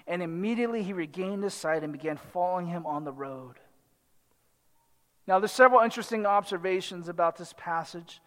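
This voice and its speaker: A man preaching a sermon, reading scripture and explaining it in an animated way, acting out the voices of the crowd. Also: high voice, a little fast. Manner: animated, dramatizes the crowd and the blind man in quotes. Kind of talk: expository sermon. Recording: long hall reverb.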